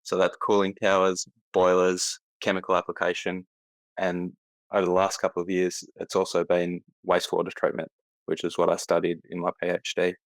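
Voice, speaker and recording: Australian man, low flat voice, measured podcast guest, dry sound. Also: no room sound. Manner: measured, modest, even. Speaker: podcast guest, account manager. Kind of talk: interview answers.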